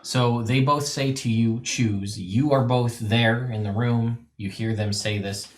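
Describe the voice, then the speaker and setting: A man's voice: medium pitch, fairly even intonation, unhurried. Man running a tabletop game, hesitant. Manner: casual, hesitant, lots of ums. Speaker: game master.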